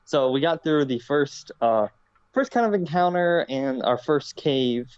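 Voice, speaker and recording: A man co-hosting a podcast in casual chat, relaxed and rambling, often quoting his own thoughts. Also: on the high side, unhurried, smooth, lo-fi sound. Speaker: podcast co-host.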